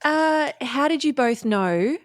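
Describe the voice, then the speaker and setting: A woman's voice: high voice, expressive, slow pace, no room sound. Woman hosting, dry close sound. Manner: emotional, warm questioning. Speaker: podcast host. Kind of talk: casual conversational interview.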